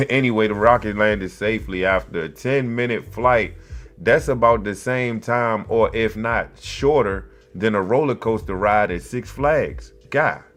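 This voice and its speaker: With soft music playing underneath, a podcast host reads a news story a little slowly and mocks it through profane, sarcastic asides. His casual commentary alternates between flat reading and loud, high outbursts.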